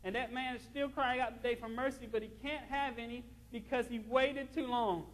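Male pastor, very high voice, fervent repetitive preaching, echoing church sanctuary. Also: fairly even intonation, moderate pace, fairly bright tone. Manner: fervent preaching, repeats phrases, reads scripture aloud. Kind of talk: sermon. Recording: long hall reverb.

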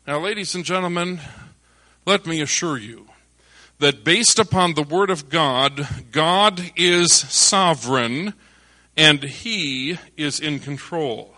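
A male preacher giving a sermon, telling a hunting story with lively bursts of excitement before turning back to scripture. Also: fairly high pitch, takes it slowly, no room sound. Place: church service.

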